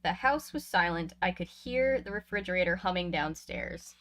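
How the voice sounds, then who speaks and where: A woman's voice: fairly low pitch, lively intonation, normal speed, fairly bright tone. A woman reading a book aloud, breaking off for chatty, laughing asides between passages. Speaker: reader of a book.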